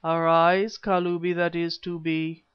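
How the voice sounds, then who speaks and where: A man reading an audiobook, voicing an ancient, half-human male wizard-priest who speaks in a slow, rumbling, threatening way. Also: level tone, clean tone, lightly acted. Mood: commanding. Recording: dull lo-fi recording.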